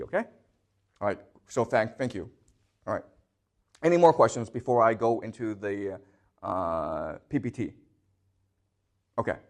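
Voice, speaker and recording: A man teaching a history class, speaking off the cuff with many fillers and restarts, often pausing to ask "okay?" to check that students follow. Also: mid-range voice. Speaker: lecturer.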